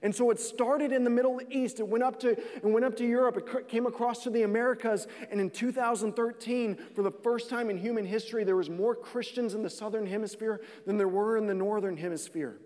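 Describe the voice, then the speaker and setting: A man's voice: high-pitched, steady tone, a little fast, hardly any pauses, darkish tone, long reverb tail. A pastor preaching a sermon, earnest, repeating phrases and restarting lines as he builds his points.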